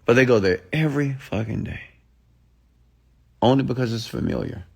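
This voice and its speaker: A man's voice: medium pitch, expressive, normal speed, creaky, darkish tone, breathy edge. A man giving a blunt, profane late-night motivational rant, mocking people in a raised voice as he quotes their excuses. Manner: mimics others in a raised voice. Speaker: motivational speaker.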